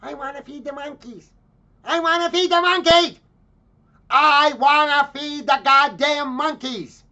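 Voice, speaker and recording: A man's voice: very high voice, unhurried, bright, forceful tone, lo-fi sound, voice pushed up, full character voice. A man mimicking a shrieking spoiled little girl. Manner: shrieking, whining demands. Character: spoiled screaming four-year-old girl.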